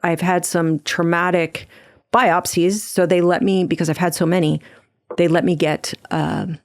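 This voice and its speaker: Middle-aged woman from jersey telling her story on a podcast, lowish voice, dry close sound, keeps restarting mid-sentence. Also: fairly even intonation, no echo. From New Jersey. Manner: earnest, fast storytelling with frequent restarts. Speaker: podcast guest. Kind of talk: personal testimony in a conversational interview.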